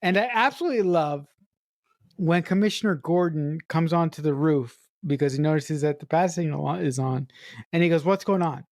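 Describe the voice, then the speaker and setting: Eager woman podcaster, lower voice. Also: moderate pace, a little mellow, dry recording, clean studio sound. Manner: enthusiastic, repeats words while gathering thoughts. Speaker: podcast co-host, writer. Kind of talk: casual movie review chat.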